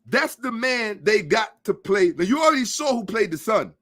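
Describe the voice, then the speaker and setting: A man's voice: high-pitched, sing-song, moderate pace, sharp tone. A man hosting a podcast, giving a blunt, profane, emphatic commentary monologue and lecturing his listeners. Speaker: podcast host. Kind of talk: ranting social commentary monologue.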